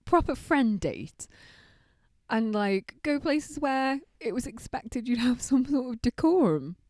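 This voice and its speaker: A woman's voice: sits high, takes it slowly, no room sound, studio quality. A young adult woman, co-hosting a casual podcast chat, talkative and laughing often. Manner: chatty, laughs often, lively storytelling. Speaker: podcast co-host.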